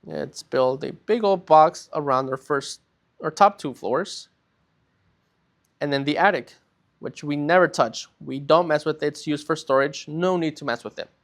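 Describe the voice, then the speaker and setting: A gravelly, fairly high-pitched male Spanish teacher records a language lesson. Patient and methodical, he frequently slows to draw out important words and checks that his students are with him.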